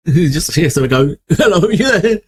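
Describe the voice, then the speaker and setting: A man's voice: fairly high pitch, lively intonation, measured pace, breathy edge. A young man hosting a reaction video, rambling and correcting himself as he thinks aloud. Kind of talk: casual reaction commentary.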